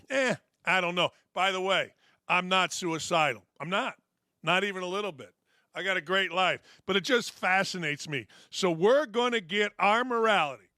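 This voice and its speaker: A man's voice: sits high, pushed and bright, dry recording, studio quality. A middle-aged man hosting a sports talk show, delivering a blunt, sarcastic, fired-up opinion monologue.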